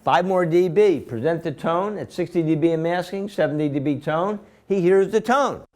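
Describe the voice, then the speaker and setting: A man with a slightly high voice lectures his class. He explains each step methodically and repeats himself for emphasis. He keeps stopping to quiz his students with quick questions. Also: a little mellow. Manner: quizzing students with rhetorical questions. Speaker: instructor.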